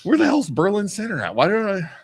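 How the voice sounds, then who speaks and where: A man co-hosting a casual chat in a studio, talking excitedly with loud laughs. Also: high-pitched, fast, gravelly, breathy edge. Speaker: co-host. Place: radio studio. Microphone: studio microphone. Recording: dry close studio sound.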